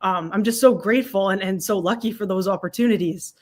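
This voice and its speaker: A woman's voice: medium pitch, brisk, a little mellow. A woman guest answering interview questions, grateful and giggly, often restarting on her first words. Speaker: guest filmmaker.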